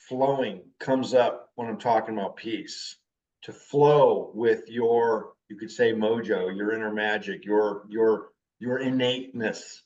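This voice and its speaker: A man's voice: fairly low pitch, recorded from a distance, highs cut off. A man in his fifties giving a spoken class talk as a teacher, with an intense way of talking. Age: 50s. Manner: intense, animated talker.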